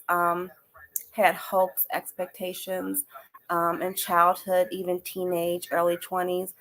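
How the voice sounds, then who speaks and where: A woman's voice: fairly low pitch, rough recording. An older woman hosting a live stream, giving oracle card readings and talking straight to her viewers in an emphatic, repetitive, encouraging way. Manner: warm, emphatic, repeats phrases, talks straight to viewers. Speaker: podcast host reading oracle cards.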